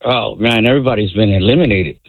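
A man's voice: fairly low pitch, quick pace, dry recording. A man calling in to a sports radio show, chatting casually and hesitantly, laughing easily. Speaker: phone guest. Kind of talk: casual chat. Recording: tinny phone line.

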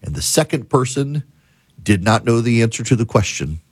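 A man's voice: mid-range voice, animated, moderate pace, husky, dry recording. A middle-aged man hosting a talk radio show, telling stories emphatically and building to a punchline.

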